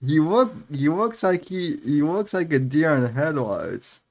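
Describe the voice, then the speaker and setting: A man's voice: fairly high pitch, animated, unhurried, a little mellow. A man co-hosting a comedy podcast who stammers and giggles through his remarks. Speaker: podcast co-host. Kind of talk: casual comedy podcast chat.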